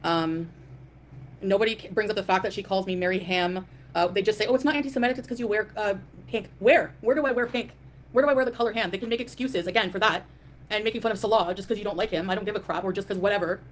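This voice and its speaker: With some faint noise behind her, a woman of medium pitch speaks quickly as she runs her live stream. Her casual rant is dismissive and defiant, broken up by hellos to chat viewers.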